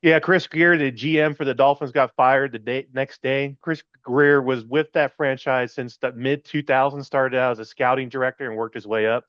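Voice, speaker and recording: A man's voice: medium pitch, steady tone, normal speed, hardly any pauses, no room sound, dull audio. A man co-hosting a sports podcast, joking playfully and laughing often. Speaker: podcast co-host. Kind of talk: casual sports podcast chat.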